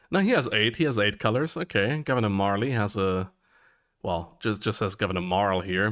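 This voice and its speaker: Excitable man streaming a game, lively pitch. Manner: excitable, chatty, laughs often, curses when surprised. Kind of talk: live game commentary.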